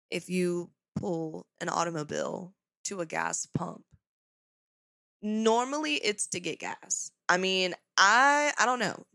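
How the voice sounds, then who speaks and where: A young adult woman hosting a podcast, telling a story in a casual, sarcastic, animated way. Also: mid-range voice, gravelly, no echo. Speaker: podcast host.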